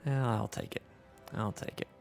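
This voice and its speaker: A man's voice: lowish voice, wildly swooping pitch, moderate pace, creaky, darkish tone, soft background music. A man with a Southern US accent hosting a casual gameplay livestream, reading chat aloud in an easygoing, self-deprecating way. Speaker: livestream host.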